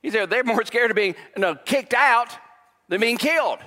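A man preaching in a church sanctuary, his high, sharp voice carrying a long reverb. He is emphatic, pressing hard on key points and at times dropping to a hushed tone. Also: animated, normal speed. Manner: emphatic, rises to near shouting, then drops to a hushed tone. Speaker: pastor. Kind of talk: sermon.

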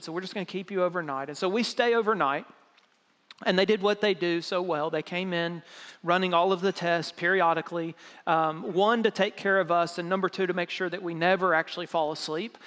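Pastor telling a story in a reverberant hall. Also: male voice, high voice, a bit bright, clean tone. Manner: conversational, acts out quoted dialogue. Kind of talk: storytelling sermon. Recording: long reverb of a large hall.

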